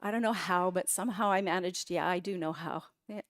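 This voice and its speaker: A woman's voice: on the low side, fairly quick. A middle-aged woman giving a personal testimony talk in a church, telling her story dramatically and with feeling. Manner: emotional, dramatic storytelling with quoted outbursts. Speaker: guest speaker. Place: church sanctuary.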